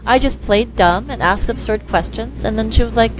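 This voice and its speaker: A woman speech therapist talking in an interview, lively and quick to act out the voices of children and parents. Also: a little high, noisy background. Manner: lively, acts out quoted dialogue in voices. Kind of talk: conversational interview.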